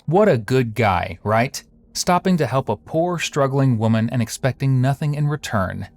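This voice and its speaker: A man's voice: mid-range voice, animated, normal speed, a little mellow. A man narrating a true crime video in a scripted, sarcastic tone. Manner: sarcastic, wry.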